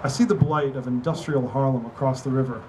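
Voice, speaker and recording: A man's voice: mid-range voice, brisk, noisy background. A man, an author, reading his novel aloud in a wry, conversational storytelling manner at a book party. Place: indoor venue at a book party.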